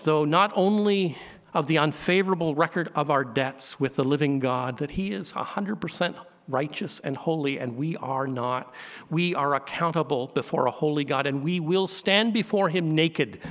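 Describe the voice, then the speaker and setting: A man preaching a sermon as pastor, asking the congregation questions and swelling to loud, emphatic peaks. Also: a little high, normal speed. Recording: long hall reverb.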